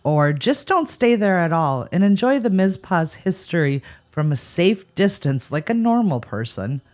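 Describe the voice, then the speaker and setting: A woman with a slightly low voice that swoops and jumps with animated energy co-hosts a scripted ghost-story podcast. She answers the spooky tales with wry, sarcastic quips. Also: a little slow. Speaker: podcast co-host. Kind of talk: scripted paranormal podcast chat.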